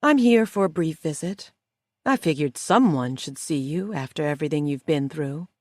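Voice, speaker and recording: A woman voicing a smug, cold female schemer who speaks calmly and condescendingly. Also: low voice, dry recording, studio quality. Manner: calm, slow and condescending.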